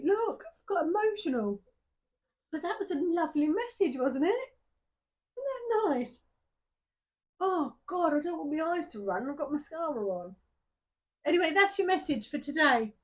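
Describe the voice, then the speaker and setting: A young woman giving a casual tarot reading to camera, chatty and emotional, laughing and near tears as she talks. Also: sits high. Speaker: tarot reader.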